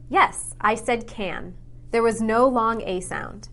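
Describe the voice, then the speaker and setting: A woman teaching English pronunciation in a scripted lesson, reading example sentences slowly and carefully enunciated. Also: a little high, a bit bright.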